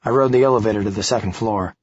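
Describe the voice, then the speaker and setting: A man narrates a first-person thriller in a steady, gritty way. His voice is low and husky. The sound is dry and slightly dull, like a lo-fi recording. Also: racing, dry recording. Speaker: audiobook narrator.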